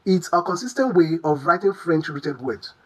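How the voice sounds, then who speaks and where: An English pronunciation teacher giving a lesson, who quizzes the listener with questions and repeats each word slowly and deliberately. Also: mid-range voice, lively intonation, poor audio.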